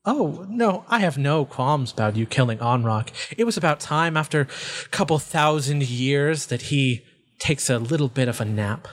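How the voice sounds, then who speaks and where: A man's voice: a little high, expressive, moderate pace. A man voicing a sinister, disembodied female voice that mocks and gloats over others' pain in a tabletop game. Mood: taunting. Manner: taunting, relishing others' pain. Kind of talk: tabletop role-play voice acting.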